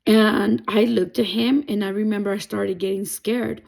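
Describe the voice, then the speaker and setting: A woman's voice: mid-range voice, steady tone, normal speed, gravelly, a little mellow. A young adult woman sharing a personal faith testimony in an earnest, rambling way, full of fillers. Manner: emotional, earnest. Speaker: testimony vlogger.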